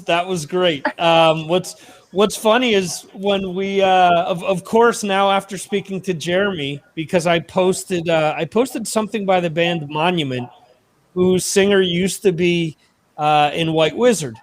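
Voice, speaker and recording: Host: American man, high-pitched, chatty, restarts a lot. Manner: chatty, rambling with many restarts. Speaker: podcast host. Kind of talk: casual livestream chat.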